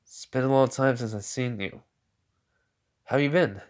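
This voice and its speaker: A man's voice: medium pitch, a little slow, natural voice. A man voicing a cocky seasoned male demon hunter, laid-back and teasing.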